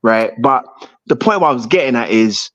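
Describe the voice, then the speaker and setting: A man's voice: mid-range voice, animated, moderate pace, a bit bright, muffled recording. A man from the United Kingdom in a heated casual debate, often repeating himself and checking in with "right?".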